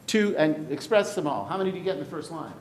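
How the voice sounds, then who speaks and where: A man teaching a class on poetry, lively and jokey, putting questions to his students. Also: quick pace. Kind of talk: classroom lecture on verse. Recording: echoey room with light rumble.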